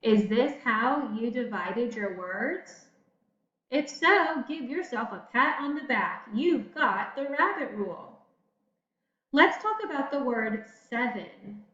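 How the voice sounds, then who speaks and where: A woman teacher walks young students through a spelling lesson at a very slow, patient pace, praising them as she goes. Her voice sits a little high. It was recorded in an echoey room and sounds dull and lo-fi. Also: lively intonation, sharp tone.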